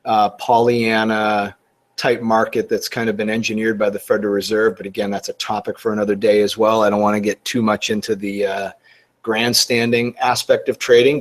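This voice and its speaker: Middle-aged male trader, webinar commentary, conversational and dryly sarcastic. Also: fairly low pitch. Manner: conversational, sarcastic, frequent restarts. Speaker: forex trader giving a webinar.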